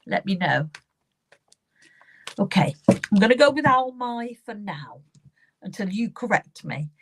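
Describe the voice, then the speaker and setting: A woman's voice: medium pitch, breathy edge. A woman giving live psychic readings, speaking earnestly and repeating herself as she addresses viewers by name. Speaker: psychic medium.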